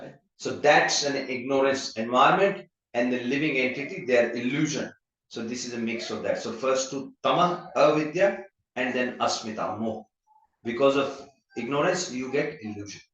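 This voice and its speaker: A man of middle pitch gives an easygoing scripture class, telling everyday stories and slipping Sanskrit terms into his talk. His voice rings through a very echoey temple hall. The recording sounds muffled and dull. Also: fairly bright tone. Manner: anecdotal, mixes Sanskrit terms into plain talk.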